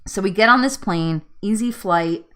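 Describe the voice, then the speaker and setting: A woman's voice: medium pitch, normal speed, a bit bright. A woman hosting a live weight loss chat, telling a story casually, laughing often and acting out her own pleas.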